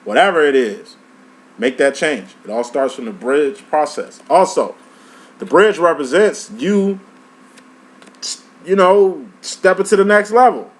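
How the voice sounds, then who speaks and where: A man giving a casual tarot reading, profane and emphatic, full of streetwise slang. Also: measured pace. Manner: animated, pitch jumps up and down. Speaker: tarot reader.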